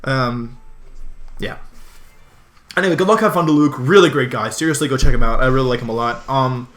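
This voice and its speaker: A man's voice: medium pitch, fairly quick, fairly bright tone. A young man from Washington, D.C. chatting casually over a Pokémon match, rambling with lots of ums and self-interruptions. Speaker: Pokémon game streamer. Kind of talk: casual game commentary.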